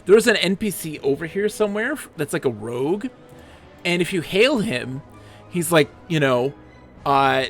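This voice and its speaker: A man's voice: a little high, animated, moderate pace, soft background music. A young man streaming a game, chatting enthusiastically and rambling with frequent laughs. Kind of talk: casual live-stream game commentary.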